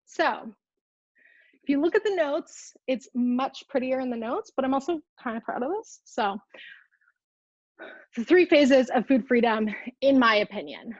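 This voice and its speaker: Slightly high-voiced, a young woman coaching food freedom chats casually on a live stream, peppering her talk with "like" and asides to viewer comments. Her earbud mic yields a dry, lo-fi recording.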